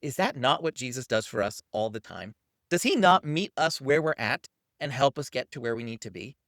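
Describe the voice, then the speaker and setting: A man's voice: medium pitch, animated, moderate pace, fairly bright tone, no echo, studio quality. A man hosting a parenting channel, teaching to camera in an upbeat coaching manner and acting out what to say to a child.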